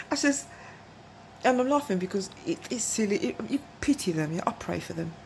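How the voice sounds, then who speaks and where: A woman's voice: medium pitch, expressive, normal speed, gravelly, background noise. A woman tells a long, rambling story to camera, often asking whether you follow and laughing between phrases. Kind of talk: casual storytelling monologue.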